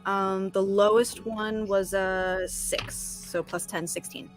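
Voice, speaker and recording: A woman's voice: medium pitch, level tone, slow pace, soft background music. A woman playing a tabletop game who reads rules aloud and laughs often. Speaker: player. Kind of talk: casual game chat.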